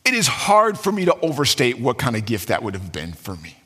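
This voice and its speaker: A man preaching a sermon as pastor, animated and dramatic, acting out quotes with sudden swings in his voice. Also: mid-range voice, a little fast, few pauses, breathy edge, in a large hall.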